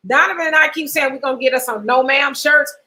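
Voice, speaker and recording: A middle-aged woman hosts a casual livestream, reading out viewer comments and tossing in quick asides and frequent laughter. Her voice sits a little high and rings bright and forward. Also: rough recording. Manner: laughs often, reads comments aloud with asides. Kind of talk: casual chat.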